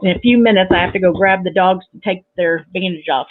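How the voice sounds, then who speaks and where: A woman's voice: mid-range voice, fairly quick, hardly any pauses. A woman hosting a casual crafting livestream, gushing and sentimental, rambling with lots of fillers. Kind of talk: casual live chat with viewers. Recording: tinny phone-like sound.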